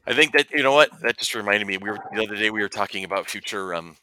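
A man's voice: on the low side, animated, rapid-fire, pushed and bright, slight background noise. A man co-hosting a casual podcast, joking around, laughing often and stumbling over repeated words. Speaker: podcast co-host.

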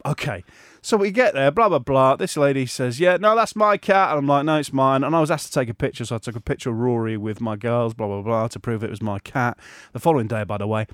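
A middle-aged man, co-hosting a podcast and telling an animated anecdote, often laughing and acting out other people's voices. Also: mid-range voice, fast talker, no echo, studio quality. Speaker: podcast co-host. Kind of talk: casual storytelling chat.

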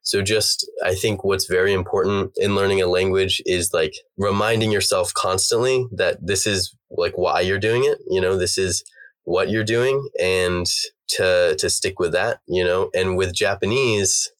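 A man's voice: deep voice, fairly even intonation, unhurried. A young American man answering interview questions casually, rambling with lots of fillers. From United States. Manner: rambling, filler-heavy with many "like"s. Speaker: guest.

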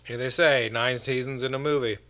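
A man's voice: mid-range voice, fairly even intonation, a little fast, bright, forceful tone. A man co-hosting a podcast in casual chat, dropping dry, wry asides. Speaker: podcast co-host.

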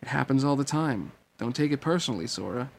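A man's voice: mid-range voice, animated, fast talker, vocal fry, a little hiss or hum. Man reading as Leon, a cold curt swordsman. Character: cool aloof male swordsman, young adult. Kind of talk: amateur audiobook reading.

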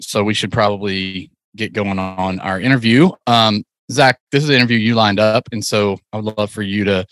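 A man's voice: fairly low pitch, a bit bright, no echo. A man co-hosting a podcast, steering the chat in a friendly, joking way. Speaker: podcast co-host.

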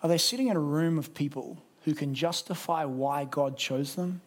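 Aussie guy preaching a sermon, pretty high voice, chatty and lively, does little impressions. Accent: Australian. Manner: lively, conversational, acts out quick impressions. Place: church service.

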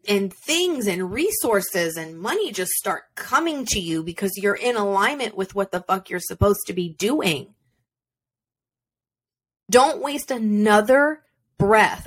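Woman podcast host, mid-pitched, fired-up and profane, solo motivational talk recorded at home on a simple setup. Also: fairly bright tone, breathy edge. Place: home without a soundproof room.

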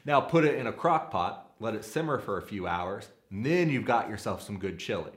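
A man's voice: lowish voice, animated, normal speed. Earnest man teaching in an echoey room. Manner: earnest, practical, uses homely analogies. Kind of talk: sermon-style teaching.

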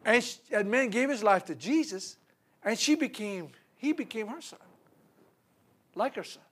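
A man's voice: high-pitched, normal speed, slightly rough. A man preaching a sermon, retelling a Bible story with laughter, stumbles and repeated words. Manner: animated storytelling with laughs and repetitions.

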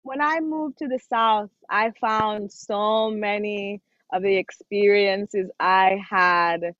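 A woman's voice: mid-range voice, steady tone, takes it slowly, fairly bright tone, dry recording. Thoughtful Jamaican-born woman, dull dry recording. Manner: thoughtful, with frequent "um" and "you know". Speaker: documentary film organization representative. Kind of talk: interview answers.

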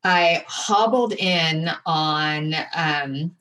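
A woman guest in an interview, telling a personal story candidly and with animated, acted-out asides. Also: low-pitched, very slow, far from the mic. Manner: candid, animated retelling with acted-out inner voices.

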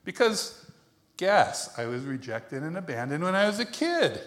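A man preaching in a loose, conversational way, his voice sitting a little high and swinging up and down a lot as he talks. He jokes at his own expense, laughs easily and keeps checking in with the congregation. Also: big pitch swings, moderate pace, fairly bright tone. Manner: chatty and self-deprecating, laughs often, asks the congregation questions. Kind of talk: conversational sermon.

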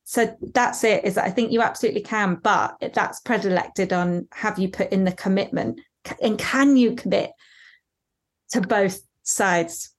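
A woman's voice: mid-range voice, normal speed. A woman artist speaking on a panel discussion, earnest, with many restarts.

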